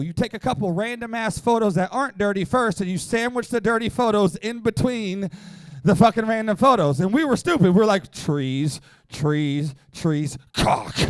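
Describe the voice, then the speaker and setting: A man in his forties doing a profane stand-up routine at a small comedy venue, brash and loud, often breaking into shouts. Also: very high-pitched, clean tone, no echo.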